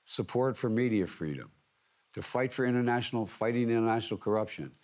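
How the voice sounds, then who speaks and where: An older American man delivering a formal prepared speech as head of state, emphatic and measured, often restarting and repeating words. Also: mid-range voice, lively intonation, darkish tone, lo-fi sound. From United States. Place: conference venue.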